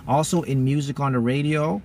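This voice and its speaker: A man's voice: mid-range voice, fairly even intonation, a little fast, darkish tone, slight background noise. Rambling man mentoring his viewers. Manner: rambling, self-interrupting, restarts often. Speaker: spiritual mentor. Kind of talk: casual monologue to viewers.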